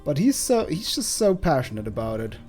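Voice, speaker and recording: A man's voice: on the high side, sing-song, brisk, darkish tone, faint music behind. A man hosting a let's play, chatting casually and rambling a little. He makes fun of himself, and his voice is slightly throaty. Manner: chatty, rambling, self-deprecating. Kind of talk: casual gameplay commentary.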